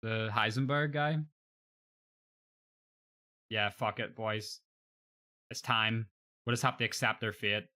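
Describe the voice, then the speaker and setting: A man's voice: fairly low pitch, little pitch movement, measured pace, long pauses, sharp tone. A young man chatting casually on a live stream, joking and swearing freely.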